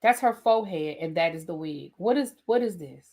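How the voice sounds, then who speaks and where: A woman hosting a live review, retelling scenes in a lively way and mimicking the people she describes. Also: on the low side, fairly quick. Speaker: TV review channel host. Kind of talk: live rant and recap of a reality show.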